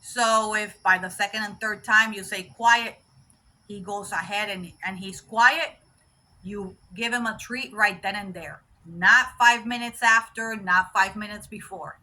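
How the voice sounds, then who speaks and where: A woman's voice: mid-range voice, normal speed, sharp tone, low-quality recording. A woman dog trainer giving an unscripted lesson to dog owners, patient and repetitive, often checking in with "all right?" and correcting herself as she goes. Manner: unscripted, with restarts and self-corrections. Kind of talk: instructional talk to dog owners.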